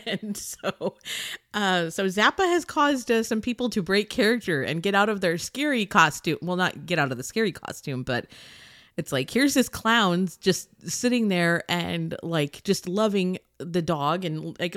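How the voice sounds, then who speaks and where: A woman from Southern California chatting casually as she tells a personal story, animated and laughing often. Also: mid-range voice, normal speed, no room sound, studio quality. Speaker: audio blogger.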